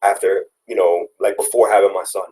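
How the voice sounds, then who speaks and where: A young man with a deep, low voice speaks in a casual interview. He is earnest and tells long personal stories, often restarting a phrase as he goes. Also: steady tone, fairly quick, mellow, low-quality recording. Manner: earnest, storytelling, many restarts. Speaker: guest, father.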